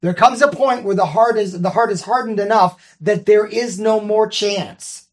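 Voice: mid-range voice, normal speed. A Bible study teacher reading scripture and carefully walking through its grammar, often checking in with the listeners. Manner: careful, explains grammar step by step.

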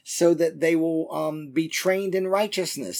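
Man, Bible teacher, slightly high voice, conversational, frequent fillers, slow scripture reading. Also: vocal fry, a little mellow. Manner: reads scripture passages slowly and deliberately.

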